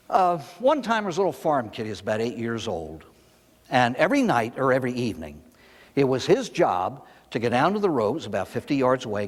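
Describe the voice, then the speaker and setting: An older priest with a mid-range voice gives a recovery talk to an audience, his words followed by a long reverb tail. He's animated, spinning stories and posing rhetorical questions.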